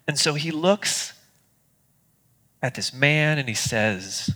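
Bright-voiced man preaching in a reverberant auditorium. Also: a little high, lively intonation, slow. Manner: earnest, conversational preaching with small restarts. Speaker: pastor. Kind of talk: sermon. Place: church auditorium.

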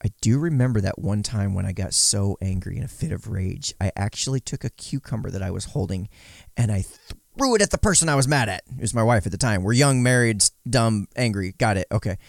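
A man's voice: lowish voice, expressive, brisk, creaky, no room sound, studio quality. A man giving casual commentary, sarcastic and mocking, sometimes voicing quotes in exaggerated tones. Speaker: podcast commentator.

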